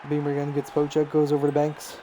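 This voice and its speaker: A man's voice: on the high side, some chatter behind, a little hiss or hum. Man calling video game hockey play-by-play. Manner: rapid play-by-play, rising excitedly on shots and goals. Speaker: play-by-play commentator. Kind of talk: live-streamed video game hockey commentary.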